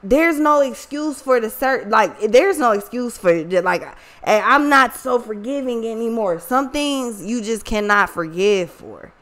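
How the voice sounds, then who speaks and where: Female vlogger, casual storytelling, raw and profane, slightly high voice. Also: expressive, measured pace, hardly any pauses, a bit bright. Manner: profane, emotional, slangy, talks to viewers directly. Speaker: online reader and vlogger.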